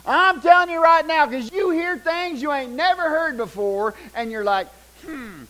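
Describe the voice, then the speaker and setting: Folksy older preacher, high-voiced. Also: male voice, normal speed, rough recording. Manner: folksy, animated, shouts punchlines, drops to hushed tones. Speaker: pastor. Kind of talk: sermon with storytelling.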